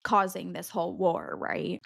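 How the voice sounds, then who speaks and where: A woman hosting a podcast, leading a casual book discussion in an animated, chatty way with many filler words. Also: lowish voice, measured pace, gravelly, no room sound. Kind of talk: casual chat.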